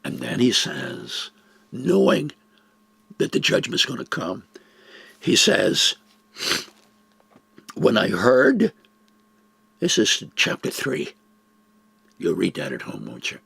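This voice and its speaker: Older male Bible teacher: slow, husky, animated delivery, dry close sound. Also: sits low, dry recording. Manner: expressive, acts out quoted dialogue. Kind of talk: reflective Bible talk.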